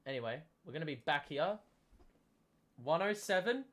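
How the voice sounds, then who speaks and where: Young male streamer, slightly higher pitch, chatty and self-deprecating, erupts on big plays. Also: normal speed. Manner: excitable, gets loud calling big plays. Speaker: streamer hosting a basketball watchalong. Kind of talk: live casual commentary, reading chat.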